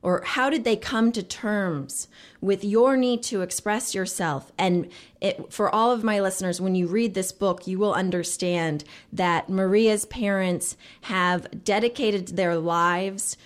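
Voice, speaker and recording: Slow, measured woman host. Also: mid-range voice. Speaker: podcast host. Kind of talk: interviewing a guest.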